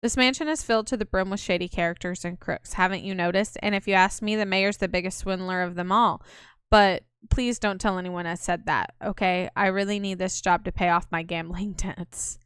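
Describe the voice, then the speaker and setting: A woman's voice: mid-range voice, fairly even intonation, brisk, a bit bright, clean tone, no room sound, clean studio sound, natural voice. A woman voicing a bitter, sour-tempered housekeeping manager who grumbles about her job.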